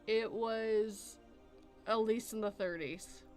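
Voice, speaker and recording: A woman's voice: on the high side, fairly even intonation, slow pace, darkish tone, faint music behind. A Canadian woman hosting a casual podcast chat, rambling through explanations and laughing often. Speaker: podcast host.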